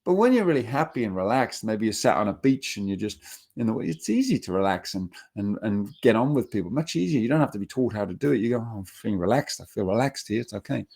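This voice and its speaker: A man's voice: on the low side, big pitch swings, fast talker, vocal fry, darkish tone. Earnest man teaching a dog seminar. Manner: earnest, repetitive, talks with restarts and acted-out quotes. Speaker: dog trainer.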